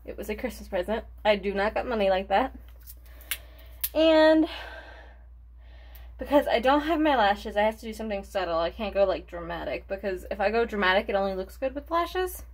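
A woman's voice: medium pitch, lively intonation, normal speed. Young woman, casual makeup tutorial chat, rambling, short of breath. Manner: rambling, forgetful, chatty with sighs. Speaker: beauty vlogger.

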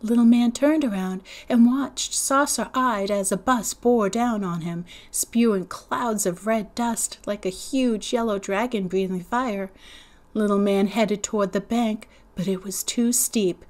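A woman reads a novel aloud in a storytelling manner. She is a teacher, and her voice sits at an ordinary middle pitch. She lifts and brightens her voice whenever the children speak. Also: unhurried. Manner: acts out the children's lines in higher, louder voices.

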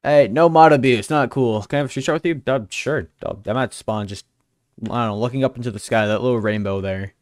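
A man's voice: medium pitch, fairly quick, dry recording, clean studio sound. A young man live-streaming a game, chatting casually and teasing his viewers in a joking way. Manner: joking, teasing chat banter.

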